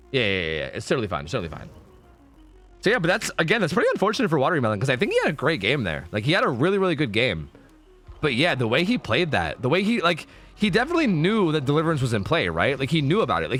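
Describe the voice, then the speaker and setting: Young male streamer-caster, quick and animated, loose chatty delivery, light background music. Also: medium pitch. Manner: rambling, repeats himself, swears casually. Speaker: streamer casting a game tournament. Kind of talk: casual live-stream commentary. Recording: faint music behind.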